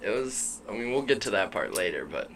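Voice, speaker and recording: Low-voiced young man, wry short replies. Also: sing-song, fairly quick, a bit bright, a little hiss or hum. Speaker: podcast co-host. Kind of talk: casual chat.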